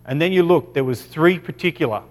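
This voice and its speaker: A man with an Australian accent teaching from the Bible in a loose, chatty way, stopping often to check in and correct himself. His voice sits a little high. It rings out with the long reverb of a hall. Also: brisk. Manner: casual, many "okay"s, self-corrections. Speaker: preacher.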